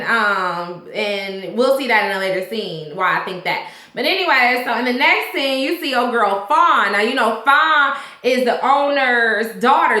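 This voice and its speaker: A woman casually recapping a TV episode, retelling scenes in animated, slangy talk and acting out the lines. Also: a little high, echoey room. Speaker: TV episode reviewer.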